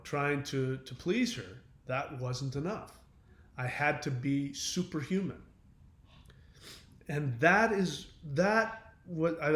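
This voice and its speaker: A man's voice: on the high side, reverberant. A man hosting his own channel, talking through relationship advice in a casual, earnest monologue full of fillers and restarts. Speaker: self-help channel host.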